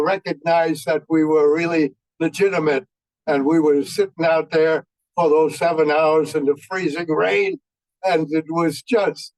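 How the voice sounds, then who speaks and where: An elderly man in his nineties speaks at a memorial, telling old war stories. His voice sits rather high for a man and sounds dry and close. He talks in a folksy, halting way, with frequent fillers. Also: no room sound, rough recording. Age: 90s. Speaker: veteran speaker. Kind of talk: anecdotal war storytelling.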